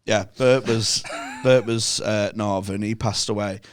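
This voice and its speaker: A man's voice: fairly low pitch, steady tone, measured pace. A man in his thirties with a Manchester accent, a podcast guest telling bawdy stories and laughing mid-sentence. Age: 30s. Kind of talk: casual chat.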